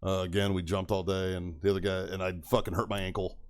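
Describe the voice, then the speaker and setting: A man's voice: low voice, little pitch movement, quick pace. A young man telling profane stories on a casual podcast, laughing often and acting out quoted voices. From Texas. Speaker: podcast co-host. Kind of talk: casual storytelling chat.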